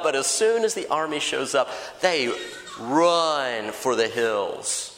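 A man preaching a sermon in a conversational, lively way, acting out little dialogues. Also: fairly high pitch, a little slow. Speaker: pastor. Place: large church hall. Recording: echoey church hall.

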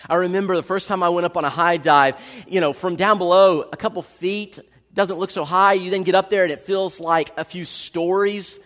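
Animated male preacher in a reverberant hall. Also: high voice, moderate pace. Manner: animated storytelling, swings from loud to hushed. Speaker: pastor. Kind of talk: sermon.

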